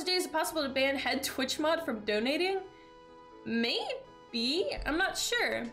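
Bubbly young woman streamer, high voice. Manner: bubbly, excitable, talks to chat while playing. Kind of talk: casual gaming stream chat.

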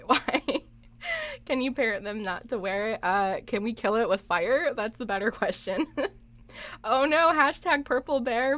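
A young woman talks loosely over a live game stream, breaking into giggles between remarks and reading out comments from her chat. Her voice sits a little high, and she sounds close to a desk mic. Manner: giggly, laughs often, reads chat aloud.

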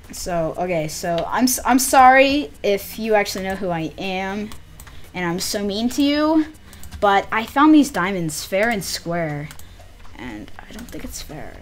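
Excitable girl doing chatty game commentary, lots of "like", medium pitch. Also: a little slow, long pauses, a little hiss or hum. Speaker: gaming channel host.

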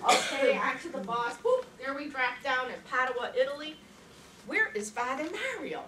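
Woman, 60s, from Chicago, storytelling contest speaker; high, bright, animated delivery with acted-out voices, heard from afar in an echoey hall. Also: normal speed, far from the mic, slight background noise. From Chicago, USA. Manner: animated, acts out voices, laughs often. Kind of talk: humorous storytelling speech.

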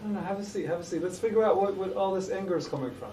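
Calm fast-talking man playing therapist. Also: high-pitched, recorded from a distance, crowd noise. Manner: calm, soothing, coaxing. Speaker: mock therapist. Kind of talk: calm mock-therapy talk. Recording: roomy, off-mic, faint noise.

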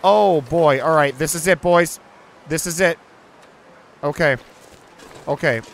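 A young man giving let's play commentary in a slightly high voice. He is jumpy, swears often, and talks both to himself and to his chat. A faint hiss of noise runs beneath the recording. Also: takes it slowly. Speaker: gaming channel host.

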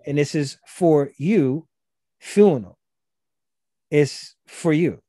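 A man with a Gullah Geechee accent talks on a podcast, explaining things in a relaxed, rambling way. His voice sits fairly high for a man but sounds dark and mellow, recorded dry and close. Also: takes it slowly, dry recording. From South Carolina, US. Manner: explanatory, loose and chatty, many fillers. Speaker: guest, language instructor. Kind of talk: casual podcast conversation.

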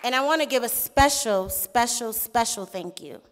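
A woman's voice: on the high side, lively intonation, normal speed, noisy background. A young woman giving a playful, sassy speech to a conference crowd, laughing often. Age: young adult. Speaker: conference speaker. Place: large conference hall. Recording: reverberant hall with crowd.

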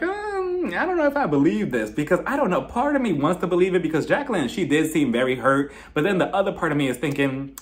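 Animated, gossipy young man reviewing reality TV. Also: on the high side. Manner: animated, gossipy, laughing often, acts out quotes. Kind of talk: casual commentary vlog.

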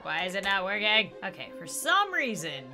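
A young woman chatting casually over gameplay, excitable and talkative, with loud bursts of cheering. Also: mid-range voice, normal speed. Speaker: gaming YouTuber. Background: game music.

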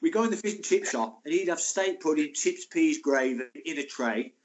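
A man in his sixties, a former footballer, telling stories in a casual interview in a chatty, animated way. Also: on the high side, moderate pace. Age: 60s. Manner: chatty, animated, laughing anecdotes.

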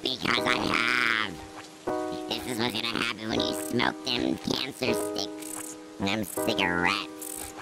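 A gruff old chain-smoker: rock-bottom pitch, gravelly, unhurried teasing drawl. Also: female voice, fairly even intonation, loud music behind the voice, heavily acted. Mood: mocking. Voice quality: gravelly, smoky low voice. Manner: scolding, mocking, slow drawl.

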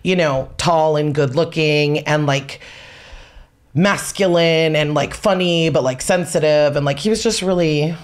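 A middle-aged woman talks casually on a podcast, a little low in pitch. She tells stories with energy and acts out the people she quotes. Her tone is conversational and relaxed. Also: a little slow. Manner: animated storyteller, acts out quoted voices with big pitch jumps. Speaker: guest, former nanny.

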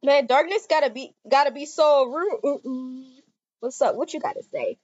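A woman playing a game with a friend, giggling and excitedly talking to the characters on screen. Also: high-pitched, normal speed, no room sound. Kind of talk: casual gameplay chatter. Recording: muffled lo-fi dry recording.

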